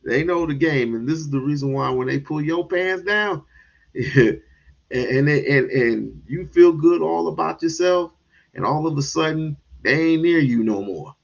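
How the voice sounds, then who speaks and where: A man hosting a livestream, ranting in commentary with sudden loud bursts and chuckles. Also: fairly high pitch, expressive, unhurried, gravelly, muffled recording. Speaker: streamer host.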